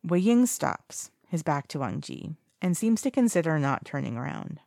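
Steady audiobook narrator, gravelly texture, dry sound. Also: mid-range voice, normal speed, dry recording.

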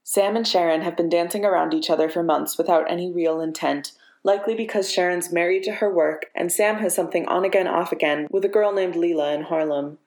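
A woman narrating a story in a steady, measured reading voice. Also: fairly low pitch. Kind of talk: audiobook narration of fiction. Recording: echoey room.

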